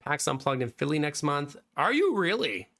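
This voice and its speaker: A man in his thirties, slightly hoarse, chatting casually on a live stream and answering viewers by name. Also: fairly high pitch, sing-song, normal speed, a bit bright. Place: home streaming room.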